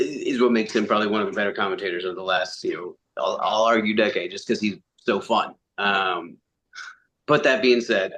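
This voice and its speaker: A man, a commentator and comedian, telling stories fast in a casual interview, with quick voiced asides. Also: on the low side, fairly bright tone. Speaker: wrestling commentator and comedian guest.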